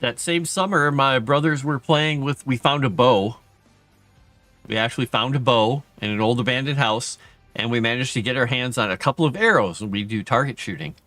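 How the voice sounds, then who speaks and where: A middle-aged man hosting a livestream, chatting casually with his viewers and telling stories from his childhood in a self-deprecating way, with a higher pitch when he acts out what others said. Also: normal speed, sharp tone, no echo, soft background music. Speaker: livestream host. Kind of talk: casual storytelling to chat.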